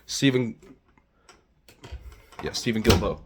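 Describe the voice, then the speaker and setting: Man, low-pitched, opinionated casual monologue, rambling and self-correcting. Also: a little slow, long pauses, slight background noise. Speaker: political commentator vlogger.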